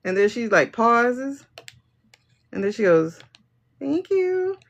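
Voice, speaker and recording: A woman's voice: mid-range voice, slow pace, a bit bright, muffled recording. A woman doing a livestream tarot and pendulum reading, talking bluntly and joking with her viewers.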